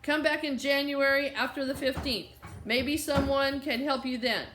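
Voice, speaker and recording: A woman voicing a stern, gray-haired female college office clerk who speaks in a cold, flat monotone. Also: sits high, normal speed, faint music behind, pitched above the performer's own voice. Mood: curt. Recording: roomy echo.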